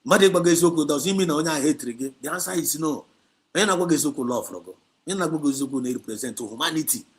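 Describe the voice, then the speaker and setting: A man with a Nigerian Igbo accent, hosting a livestream talk, preaching emphatically and scolding, with lots of repetition. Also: mid-range voice. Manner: switches between Igbo and English, repetitive and emphatic; exhorting and scolding. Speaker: activist livestream host.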